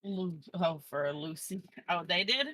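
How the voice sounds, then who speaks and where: A woman's voice: on the low side, animated, normal speed, a bit bright. A woman playing in a tabletop game, chatting playfully and casually. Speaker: player.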